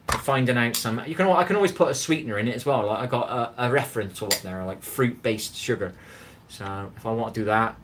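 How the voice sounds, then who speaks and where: Slight background noise accompanies a middle-aged man from Bristol, England, whose mid-range voice has a fairly bright tone. He's cooking live in his home kitchen, chattily welcoming viewers by name and reading out their chat.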